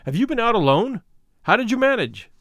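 A man voicing a young male medical student who asks quick, startled questions in a spoken story. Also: very high voice, big pitch swings, fairly bright tone, no room sound, studio quality, voice pushed up, exaggerated voice.

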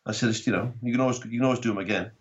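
A Welsh man telling rugby and comedy stories in casual chat, animated and swearing freely. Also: medium pitch, rapid-fire, dull audio. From Wales. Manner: animated storytelling, swearing, acting out quotes. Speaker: guest comedian.

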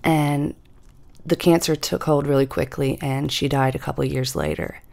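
A woman in her fifties telling a personal story in a measured, deliberate way, slowing down for emphasis. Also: low voice, steady tone, gravelly, dark tone. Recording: music bed under the voice.

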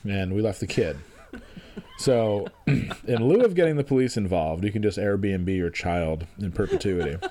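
A man's voice: fairly low pitch, normal speed, mellow, slight background noise. A man co-hosting a podcast, riffing and joking in casual chat. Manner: jokey, riffing, rambling. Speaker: podcast co-host.

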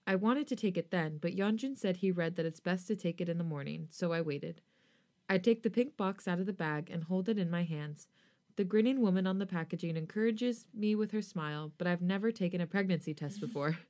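A woman host reading a first-person fan fiction story aloud for a podcast. Her reading is expressive, and her voice sits slightly low. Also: fairly quick.

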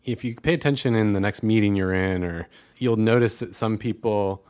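A man co-hosting a podcast, talking in a relaxed, thoughtful way. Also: lowish voice, moderate pace, clean tone. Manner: relaxed, thoughtful, laughs easily. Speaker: podcast co-host. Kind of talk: casual podcast chat.

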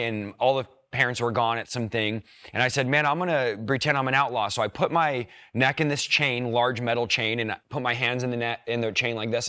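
A young man tells his personal testimony in an earnest, emotional way, often quoting what he thought at the time. His voice sits in a middle pitch. The sound is dry and close, with no room around it. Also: sharp tone, no room sound. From rural background. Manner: earnest, emotional retelling with quoted inner thoughts. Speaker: guest sharing a testimony.

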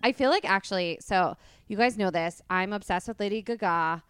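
A woman's voice: mid-range voice, normal speed, fairly bright tone, a little hiss or hum. A young woman hosting a podcast, chatting casually in a bubbly, effusive way and laughing often. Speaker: podcast host. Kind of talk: casual chat.

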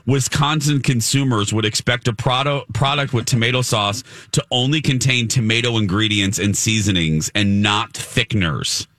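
Man, morning radio co-host, joking, crisp bright tone. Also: mid-range voice, moderate pace, dry recording. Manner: joking, teasing, reads headlines aloud. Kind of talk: casual banter.

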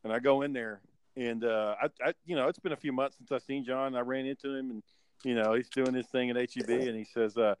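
A man's voice: mid-range voice, steady tone, fast talker, clean tone, no echo. A man telling stories in a laid-back way, full of ums and fillers. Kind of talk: casual podcast chat.

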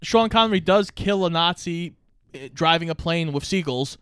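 A man co-hosting a podcast, casually recapping a movie's plot and tossing in quick quoted lines. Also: a little high, animated, fairly bright tone, smooth, no room sound, clean studio sound. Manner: recaps plot, quoting lines in offhand voices. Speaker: podcast co-host.

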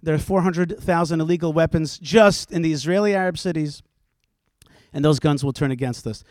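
A man speaking on a panel with a fairly high voice that rises as he presses his point. He is forceful and fires off rhetorical questions, often pausing on "uh". The sound is dry and close. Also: no echo. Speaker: panelist, rabbi. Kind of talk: impassioned panel argument. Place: stage before a live audience.

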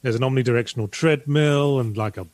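A man's voice: mid-range voice, quick pace, a little mellow, no room sound. A man, co-hosting a casual podcast chat, dry and wry, reading out viewer donations.

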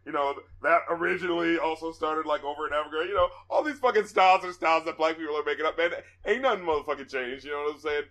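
Guy cohosting a music review podcast, swears a lot, laughs, goes way up high when he mocks stuff. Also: quick pace, hardly any pauses. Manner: animated, swearing, laughs a lot, mock-pleading voices. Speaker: podcast co-host. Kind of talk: casual music review chat.

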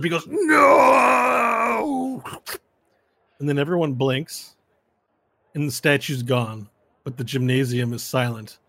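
A man narrating a tabletop game as game master, telling the story slowly and dramatically. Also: medium pitch, no room sound.

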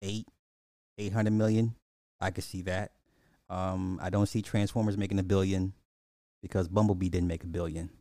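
Low, mellow man riffing on live chat. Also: little pitch movement, normal speed, pauses often, dry recording, clean studio sound. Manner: loose, rambling, talks back to chat, frequent restarts. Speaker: podcast host reading live chat. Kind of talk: casual live commentary.

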